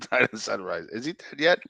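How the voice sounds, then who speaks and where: A male podcast co-host in casual sports chat who keeps hammering the same argument. His voice sits at an ordinary middle pitch. It is recorded close and dry, with no room sound. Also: vocal fry, pushed and bright, no echo. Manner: argumentative, repeats his point insistently.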